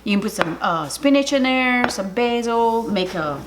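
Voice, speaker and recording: A woman hosting a casual home cooking video, chatty and excitable, talking straight to her viewers. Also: a little high, moderate pace, noisy background. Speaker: cooking vlogger. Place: home kitchen.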